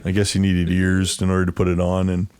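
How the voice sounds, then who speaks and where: A man's voice: deep voice, monotone, quick pace, a little mellow, smooth. A man casually telling a long story as an interview guest, rambling and acting out what others said, laughing often. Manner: rambling, acts out quoted voices, laughs often.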